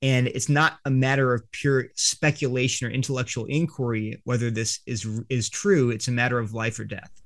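A man's voice: mid-range voice, steady tone, normal speed, hardly any pauses, a bit bright. A man, an author and guest, earnestly explaining an argument in an interview, often restarting his sentences.

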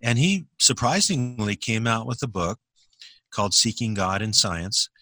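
Man, low and punchy voice, measured arguer in casual chat. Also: expressive, pushed and bright, no room sound. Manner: measured, argumentative, deliberate. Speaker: discussion partner. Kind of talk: casual philosophical conversation.

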